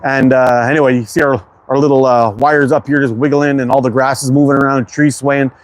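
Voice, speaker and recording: A Quebec-accented man from Canada hosts a slingshot livestream outdoors, greeting chat by reading names aloud in a relaxed, friendly way, with casual swearing. His medium-pitched voice has a level tone and runs a little fast. Cold wind and outdoor ambience can be heard.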